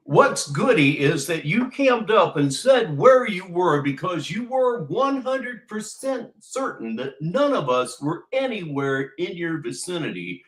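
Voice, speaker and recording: Male streamer host, wry and mocking, lively pitch swings, echoey room. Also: faint music behind. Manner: wry, mocking, deliberate delivery. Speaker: livestream host. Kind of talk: commentary livestream.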